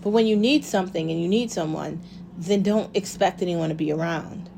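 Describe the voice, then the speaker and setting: A woman in the middle of a heated casual monologue, talking fast and hard, throwing out rhetorical questions and swearing as she goes. A faint hiss of background noise runs underneath her voice. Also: fairly low pitch, gravelly, mellow. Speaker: vlogger.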